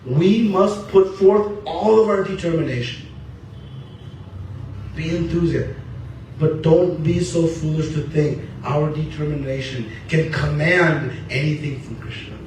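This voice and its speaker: A man's voice: fairly high pitch, unhurried, a little mellow, a little hiss or hum. A man giving a spiritual talk in an earnest manner, asking questions and answering them himself. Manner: earnest, asks and answers his own questions. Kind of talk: sermon. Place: temple hall. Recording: echoey hall from far off.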